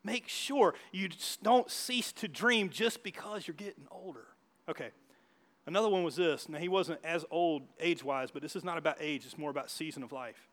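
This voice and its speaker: A man's voice: on the high side, moderate pace, fairly bright tone. A man preaching a sermon as pastor, telling stories in a church with frequent restarts and asides. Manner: storytelling with many restarts and asides. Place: church hall.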